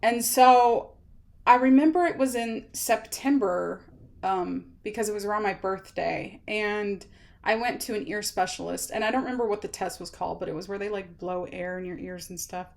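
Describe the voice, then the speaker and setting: A woman's voice: mid-range voice, vocal fry. Woman in her thirties telling a personal story. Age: 30s. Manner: rambling, halting, with many fillers and restarts. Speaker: vlogger sharing her illness story.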